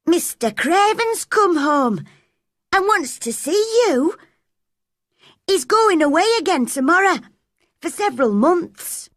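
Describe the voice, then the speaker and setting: A woman voicing a busy grown-up housemaid who brings news, speaking high and quick with excitement. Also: no echo, clean studio sound, full character voice. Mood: eager.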